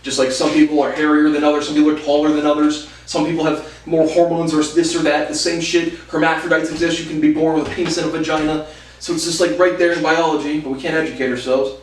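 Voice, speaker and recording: A man's voice: fairly high pitch, little pitch movement, fast talker, a little hiss or hum. Guy in his late 20s ranting about family stuff, lots of cursing, roomy echo, sits back from the mic. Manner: rambling, repetitive, crude and heated. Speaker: vlogger. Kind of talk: casual monologue storytelling. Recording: echoey room, mic at a distance.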